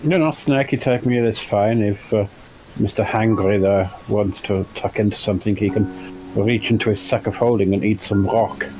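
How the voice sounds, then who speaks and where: A man's voice: fairly low pitch, normal speed, darkish tone, soft background music, rough recording. A man playing a tabletop game, dry and teasing. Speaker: player. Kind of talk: casual tabletop game chat.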